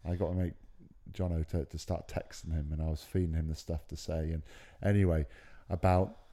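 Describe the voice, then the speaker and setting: A man's voice: extremely low pitch, flat delivery, brisk, warm tone. A man telling a story in casual, matey podcast chat. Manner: laid-back, chatty, matey. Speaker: podcast co-host.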